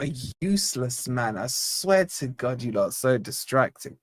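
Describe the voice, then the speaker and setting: A man's voice: medium pitch, sing-song, normal speed, hardly any pauses, no room sound, studio quality. A young man hosting a live football watch-along, bantering with the chat and reading out donation messages in a jokey way. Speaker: fan channel host.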